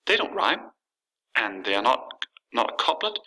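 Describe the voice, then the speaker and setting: A male teacher explaining a poem to his class in a relaxed way, often pausing on fillers and restarting his sentences. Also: mid-range voice, husky, low-quality recording. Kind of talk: classroom lesson with a poem reading.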